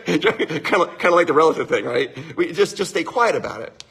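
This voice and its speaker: Animated husky-voiced man giving advice. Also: on the high side, brisk. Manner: animated, frequent chuckles, keeps checking in with listeners. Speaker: livestream host giving marriage advice. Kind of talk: casual advice talk to a live audience.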